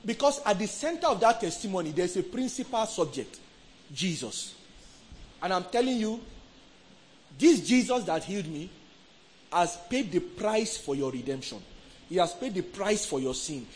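A man with a Nigerian accent preaching a sermon, emphatic, swinging from soft to loud and asking the crowd questions. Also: sits high, big pitch swings, moderate pace, pauses often, poor audio.

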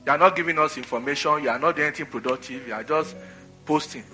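A man preaches with a bright, forceful voice pitched a little high. He drives home his points by repeating phrases and calling for answers from the congregation. Soft music plays faintly behind him. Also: fast talker. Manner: call-and-response preaching, repeats phrases for emphasis. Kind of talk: sermon.

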